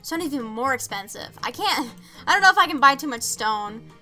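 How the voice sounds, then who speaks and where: A woman's voice: high voice, expressive, fairly quick, bright, forceful tone, faint music behind. A young woman streaming a game, chatting casually, reading chat messages aloud and laughing often.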